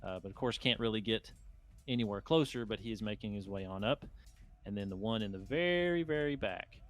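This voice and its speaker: A man's voice: on the low side, a little fast. A man narrating as game master, describing scenes in a loose, rambling way.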